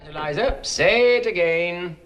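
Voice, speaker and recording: Bossy speech professor, crisp fussy diction, voice swoops up and down a lot. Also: male voice, high-pitched, lively intonation, a little slow, a bit bright. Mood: exacting. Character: exacting, impatient male phonetics professor. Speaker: speech tutor drilling a pupil. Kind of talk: 1960s musical film acting.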